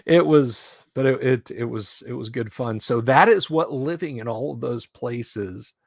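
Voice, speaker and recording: A man's voice: mid-range voice, measured pace, gravelly, dry recording. A middle-aged man streaming, chatting casually and telling rambling anecdotes close to his mic. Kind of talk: casual chat.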